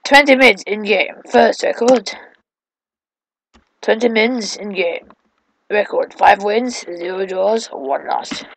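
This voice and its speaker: A young man giving excitable let's-play gameplay commentary at his home computer, yelping and shouting at the game. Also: high-pitched, slow pace, creaky, long pauses, slight background noise, poor audio.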